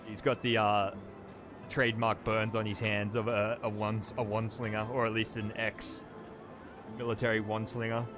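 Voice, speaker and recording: A man's voice: on the low side, flat delivery. Guy running a tabletop game, lots of uhs and restarts, music going behind. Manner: halting, many fillers and restarts. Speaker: game master.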